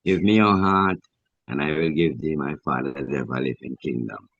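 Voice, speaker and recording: A man's voice: a bass voice, moderate pace, a crowd in the background. A man speaking as a council elder, offering a fervent devotional blessing over a video call. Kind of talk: warm spiritual affirmation. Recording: dull dry video-call audio.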